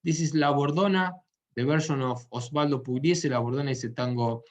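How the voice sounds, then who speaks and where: A man of middle pitch explains tango music in an unhurried, halting way, stopping to find his words. He sings rhythm patterns out loud with syllables. The recording is dull and lo-fi. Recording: dull lo-fi sound.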